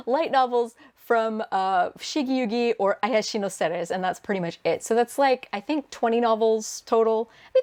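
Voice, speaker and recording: A woman's voice: on the high side, a little mellow. A young woman who works as a translator, answering viewer questions in a casual vlog, chatty and full of fillers. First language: English. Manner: chatty, many fillers and restarts, laughs often. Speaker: translator and video host.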